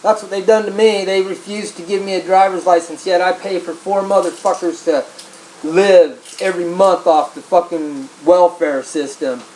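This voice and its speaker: A man's voice: sits high, fairly even intonation, moderate pace, a little mellow, slight background noise, poor audio. A man ranting angrily and profanely to camera, repeating himself as he urges people on. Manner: angry, profane, repetitive. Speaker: video blogger. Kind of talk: profane political rant to camera.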